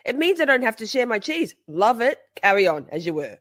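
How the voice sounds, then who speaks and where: A woman hosting a casual stream, chatting with viewers in an animated, playful, mock-dramatic way. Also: fairly high pitch, quick pace, hardly any pauses, dry recording, clean studio sound. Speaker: livestream host. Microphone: phone.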